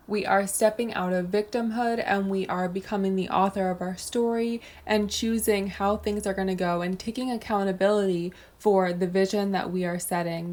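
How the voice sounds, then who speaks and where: A young adult woman talking straight to camera, giving brisk step-by-step coaching advice on self-help. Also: medium pitch, a little mellow. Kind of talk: direct-to-camera advice monologue.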